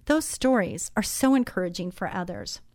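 A woman's voice: mid-range voice, expressive, moderate pace, a little mellow, dry recording, studio quality. A woman hosting a Christian radio talk show, speaking conversationally with many fillers.

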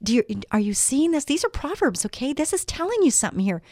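A woman's voice: sits high, sing-song, quick pace, mellow, no echo, clean studio sound. A middle-aged woman hosting a faith show, giving an earnest devotional talk, reading scripture and asking listeners direct questions.

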